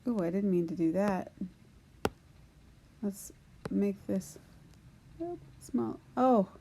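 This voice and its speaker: A woman walks through grammar at an unhurried, deliberate pace, thinking aloud as she writes on a board. Her voice sits at an ordinary middle pitch, and a faint hum of room noise lies under the recording. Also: vocal fry, dark tone. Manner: slow, patient explaining, talking to herself while writing. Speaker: Spanish teacher.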